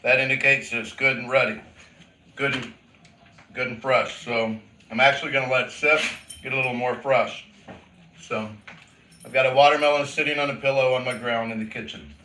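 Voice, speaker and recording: A man's voice: mid-range voice, fairly even intonation, moderate pace, pauses often, bright, forceful tone. A man, chatting casually in his kitchen while eating breakfast, rambling and talking with his mouth full. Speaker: vlogger. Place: home kitchen, indoors. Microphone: camera set down nearby. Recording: roomy, from a distance, faint noise.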